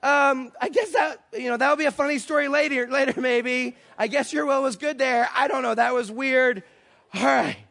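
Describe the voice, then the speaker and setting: High-voiced man telling a story in a sermon. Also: normal speed, gravelly. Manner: animated storyteller, acts out every line.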